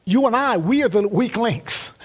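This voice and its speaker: A man's voice: high-pitched, lively intonation, measured pace, husky. A man preaching a sermon in a conversational way, often repeating words and restarting phrases.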